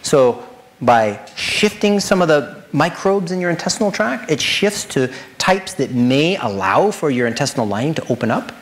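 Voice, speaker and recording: A man giving a lecture presentation as a nutritionist, animated, firing rhetorical questions and addressing the audience directly. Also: fairly high pitch, moderate pace.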